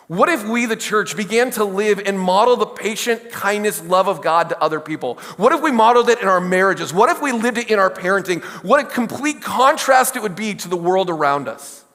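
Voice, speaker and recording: A man's voice: sits high, fairly bright tone, in a large hall. A middle-aged man preaching a sermon as pastor, talking in a conversational way, with stories, asides and questions to the congregation. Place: church sanctuary.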